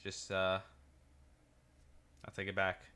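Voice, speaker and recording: A man's voice: low voice, completely flat delivery, slow, pushed and bright, smooth. A man with a New York accent hosting a reaction video, telling stories in a rambling, profane way and laughing as he goes. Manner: laughs through stories, restarts often. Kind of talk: casual reaction commentary.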